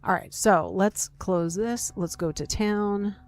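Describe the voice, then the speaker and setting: Speaking slowly in a mid-range voice, this woman hosts a gaming video, playing through a story game. She reads its text out, chats to herself and to viewers, and voices surprise at what happens.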